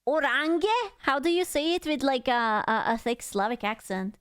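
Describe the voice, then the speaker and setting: A woman's voice: fairly high pitch, expressive, moderate pace, clean tone. A woman streamer giving casual, playful, teasing reaction commentary full of slang. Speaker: VTuber streamer reacting to videos.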